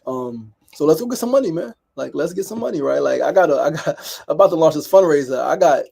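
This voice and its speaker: New man, gravelly and slightly high, candid repetitive storyteller hosting a solo daily talk. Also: lively intonation, a little fast, dark tone. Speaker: daily show host. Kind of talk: reflective solo monologue.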